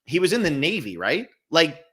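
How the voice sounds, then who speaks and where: A man's voice: on the high side, big pitch swings, normal speed, a bit bright, breathy edge. A man hosting a podcast, conversational and explaining at length. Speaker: podcast host. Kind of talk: casual podcast chat.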